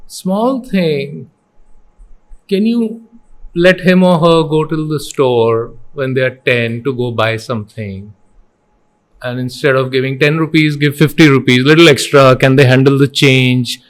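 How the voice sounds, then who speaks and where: A man's voice: medium pitch, a little slow. A middle-aged man from India with an Indian English accent, a company founder telling stories earnestly in an interview and mixing in Hindi phrases. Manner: earnest, animated storyteller who acts out quotes. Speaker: education company founder, guest.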